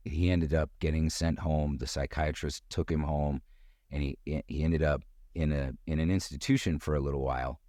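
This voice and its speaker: A middle-aged man telling a personal story in casual conversation, acting out quoted voices with sudden jumps in pitch. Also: a little mellow, dry recording, clean studio sound. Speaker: guest storyteller.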